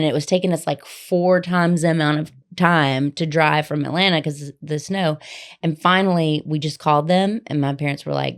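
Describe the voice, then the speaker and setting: Lower-voiced woman telling a story. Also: moderate pace, clear, resonant tone. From Memphis, Tennessee. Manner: animated, rambling storyteller. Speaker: podcast co-host. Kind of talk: casual chat, storytelling. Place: podcast studio.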